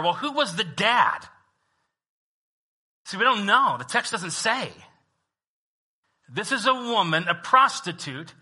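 Bright-voiced male pastor preaching. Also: high-pitched. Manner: conversational preaching, swinging from hushed to loud. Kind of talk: sermon.

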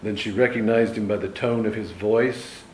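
A man with a somewhat low voice teaching scripture in a relaxed, talky manner, full of "you know" asides. He sounds recorded in a reverberant room, with a faint hum of ambience behind him. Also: normal speed. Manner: conversational, loose, frequent "you know" asides. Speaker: Bible teacher. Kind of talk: informal Bible study teaching.

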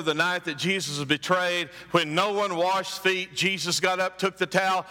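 Man, pastor, sermon, forceful bright voice, emphatic, long hall reverb. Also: sits high, steady tone. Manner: emphatic preaching, rising to loud climaxes; acts out story voices with drawn-out phrases.

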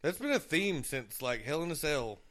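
A man's voice: a little high, very animated, normal speed, a bit bright. A man in his thirties co-hosting a podcast, telling loose, profane stories in casual chat. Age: 30s. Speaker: podcast co-host.

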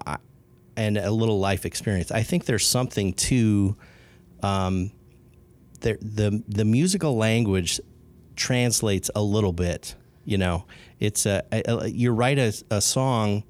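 A man with a low voice chats about reading. He hesitates often, restarting sentences as he gathers his thoughts. The conversation stays relaxed and friendly. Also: a little slow. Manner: hesitant, many fillers and restarts, enthusiastic about books. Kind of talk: casual conversation.

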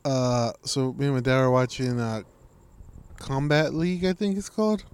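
A podcast co-host tells stories in an animated way during a casual chat, swearing freely. His mid-range voice is clear and resonant, and he talks at a normal speed.

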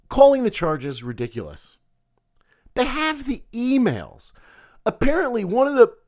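A man with a cold delivering an indignant, sarcastic political commentary monologue. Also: sits high. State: has a cold.

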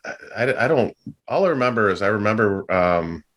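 Low-voiced man, lively laughing storyteller. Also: fairly quick. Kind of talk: casual reminiscing chat.

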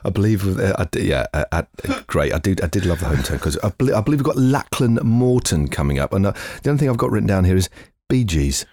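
A man's voice: low-pitched, sing-song, brisk, darkish tone, dry recording, clean studio sound. Giggly man hosting a chat podcast. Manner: laughs a lot, stumbles and restarts. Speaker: podcast host. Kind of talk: casual chat, quiz host.

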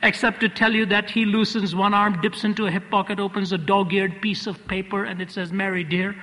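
A man delivers a sermon as a vivid storyteller, leaning on repeated phrases. His voice is bright and a touch high. A long reverb from the large hall trails every line. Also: level tone, a little fast. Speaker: preacher. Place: large hall before an audience.

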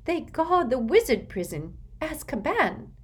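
Aunt Petunia, a fretful high-voiced woman, read aloud. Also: very animated, a little slow. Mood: flustered. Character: anxious, fussing middle-aged woman.

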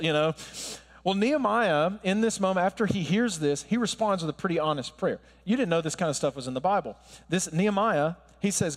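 A man in his thirties delivers a sermon in a conversational, wry way with asides to the listeners. His voice sits a little high for a man, and a long hall reverb trails every phrase. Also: animated, a little fast. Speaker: pastor.

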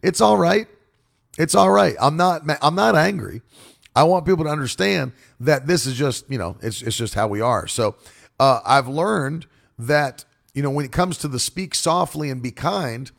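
Forceful preacher with a gravelly voice. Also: male voice, mid-range voice. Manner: forceful, demonstrative, animated. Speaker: preacher and broadcaster. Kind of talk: casual monologue.

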